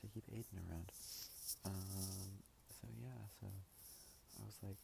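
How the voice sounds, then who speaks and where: A young man talks through his game plan in a confessional diary vlog, rambling and full of "like"s. His voice sits low with a gravelly fry, over a noisy home recording from his bedroom. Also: fairly even intonation, slow pace. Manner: rambling, filler-heavy storytelling; talks quietly to avoid waking parents. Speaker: online game contestant.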